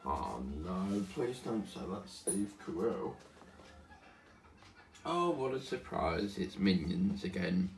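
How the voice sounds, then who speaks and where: Yawning and weary, the host of a diamond painting channel crafts at home, rambling casually between subjects and humming. He speaks slowly in a low, animated voice with vocal fry, over slight background noise.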